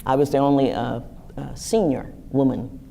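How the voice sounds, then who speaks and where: A woman in her sixties telling personal stories to a live audience in a lively, animated way. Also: normal speed, creaky, a little hiss or hum. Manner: lively, animated storytelling with wide pitch swings. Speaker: guest speaker. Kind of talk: storytelling talk to a live audience.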